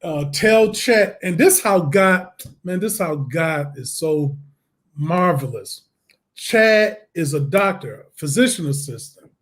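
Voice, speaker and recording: High-voiced man telling a story. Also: slow. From Detroit, USA. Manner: lively, acts out voices in his story, laughs often. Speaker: guest. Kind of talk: animated storytelling in an interview.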